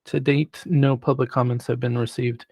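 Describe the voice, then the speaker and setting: A man on city planning staff who presents a formal report in a measured way, reading prepared remarks. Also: mid-range voice, little pitch movement, dark tone, dry recording. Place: city council chamber.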